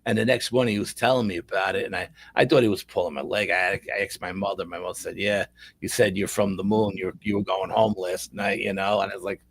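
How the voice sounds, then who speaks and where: In a casual interview, a middle-aged paranormal investigator spins a lengthy, meandering tale, often repeating words. He has a deep voice and a steady tone, speaks fast, and the recording has no echo.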